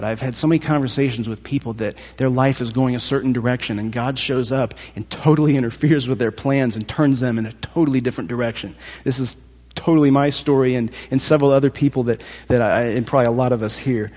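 A man preaching a sermon in a thoughtful, conversational way, with a husky voice. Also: mid-range voice, darkish tone. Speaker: pastor. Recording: long hall reverb.

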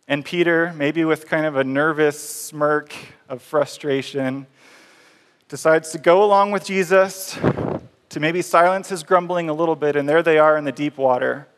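A man preaches in an easy, conversational storytelling style, acting out the scenes as he goes. His voice sits a bit higher than most men's, and long reverb from a large church hall follows each phrase. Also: steady tone, normal speed, fairly bright tone, smooth. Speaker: pastor. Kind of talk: sermon.

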